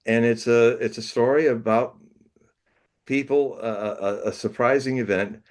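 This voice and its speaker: A man, a guest on an interview show, telling a personal story with laughs, restarts and lively acted bits. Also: medium pitch, unhurried.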